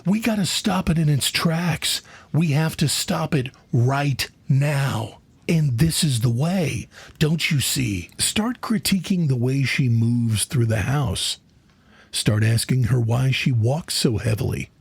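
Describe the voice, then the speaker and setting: Gravelly man in a mock-earnest rant. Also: medium pitch, slow, no room sound. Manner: mock-earnest, profane, preachy. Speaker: comedian, mock speaker. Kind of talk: satirical mock TED talk.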